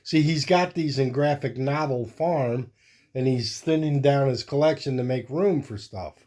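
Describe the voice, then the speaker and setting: A relaxed man talks his way through a pile of comics at an unhurried pace. His voice is warm and mellow, and he wanders easily from one aside to the next. It sounds like a casual show-and-tell hosted on his own channel. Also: mid-range voice. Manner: rambling, easygoing, thinks aloud while flipping through comics. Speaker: host.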